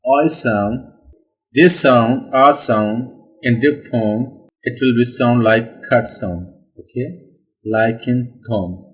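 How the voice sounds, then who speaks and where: Slow, deliberate male pronunciation teacher. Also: medium pitch, rough recording. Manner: slow, deliberate, repeats "okay" often. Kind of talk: explaining English pronunciation.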